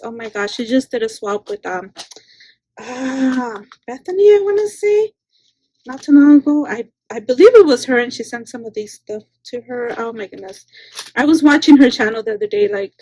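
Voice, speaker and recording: A woman's voice: fairly high pitch, husky, no room sound. A woman hosting a craft channel, chatting casually as she unboxes a swap package, gushing, thanking the sender again and again, and rambling with restarts. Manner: gushing, repeats exclamations, thanks the sender often; rambling with restarts, swinging between loud and soft.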